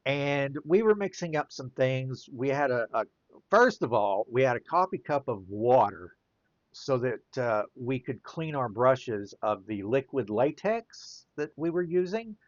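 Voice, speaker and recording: A man's voice: medium pitch, unhurried, dry recording, dull audio. A man telling a casual anecdote while he draws, chuckling often as he talks. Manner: chuckles often, lively rise and fall. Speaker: artist and storyteller.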